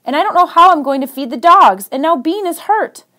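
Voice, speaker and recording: A woman's voice: high-pitched, lively intonation, moderate pace. Storybook: woman reading earnest, defensive city teen boy, pleading and emphatic. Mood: exasperated.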